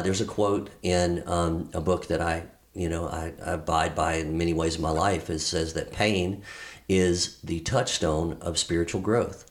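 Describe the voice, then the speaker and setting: Deep-voiced man telling his story earnestly. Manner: earnest, halting, many fillers and restarts. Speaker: podcast guest. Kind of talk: candid personal storytelling.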